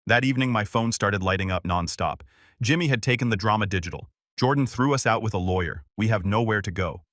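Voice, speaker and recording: A man giving a steady, measured first-person narration of a scripted story. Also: on the low side, no room sound, clean studio sound.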